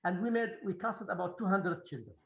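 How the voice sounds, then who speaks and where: A man who speaks Kurdish as his first language, a film director answering questions in a halting Q&A, restarting and repeating words often. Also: high-pitched, lively intonation, vocal fry, reverberant, lo-fi sound. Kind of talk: Q&A interview.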